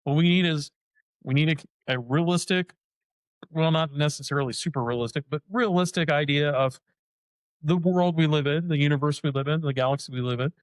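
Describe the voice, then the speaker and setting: A man's voice: fairly high pitch, a little fast, no echo, low-quality recording. Chatty podcast man, dry close sound. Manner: rambling, animated, acts out quoted voices. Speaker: podcast co-host. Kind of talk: casual chat.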